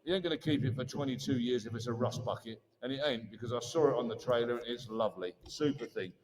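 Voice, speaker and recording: A man's voice: mid-range voice, quick pace, a little mellow. A man calling bids at an auction, with chatty patter between prices. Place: large auction hall. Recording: distant reverberant hall, faint noise.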